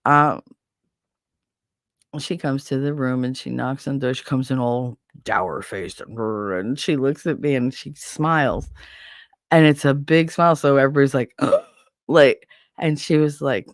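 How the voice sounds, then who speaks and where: A woman's voice: extremely low pitch, measured pace, dry recording, studio quality. A woman hosting a casual show, telling rambling stories with plenty of swearing and answering a viewer's comment. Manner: rambling, profane, animated storyteller. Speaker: host. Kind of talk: casual storytelling chat.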